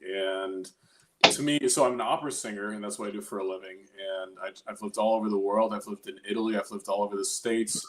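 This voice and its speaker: A man's voice: lowish voice, a little hiss or hum. A man in his twenties, an opera singer, telling his story in a rambling, candid, casual way. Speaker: guest, opera singer and grad student.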